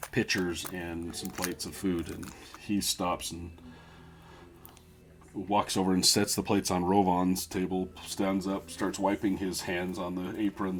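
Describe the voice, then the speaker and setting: A man narrating a tabletop game as game master, laughing often as he describes the scene. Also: sits low.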